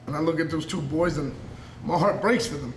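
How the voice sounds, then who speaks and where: A man in his thirties with a New York accent and a voice on the high side talks a little fast; there's slight hiss or hum and a roomy echo. A professional wrestler, he gives a raw, unscripted promo interview, earnest and intense, rambling and circling back on himself.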